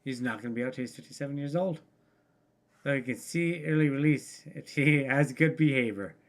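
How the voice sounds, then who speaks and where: A man's voice: medium pitch, brisk. A man co-hosting a casual online news chat over a remote call, loose and full of fillers. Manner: loose, filler-heavy, laughs often. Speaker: podcast co-host.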